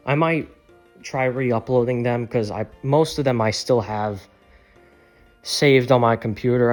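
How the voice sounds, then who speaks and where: Man, strained voice, rambling vlog, swears, faint music in the background. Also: medium pitch. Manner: candid, swears often, rambles. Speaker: channel creator.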